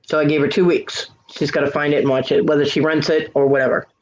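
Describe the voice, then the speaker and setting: A woman hosting a casual live stream hangout, chatting in an animated way and laughing often. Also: low-pitched, fast, muffled recording. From United States. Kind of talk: casual chat.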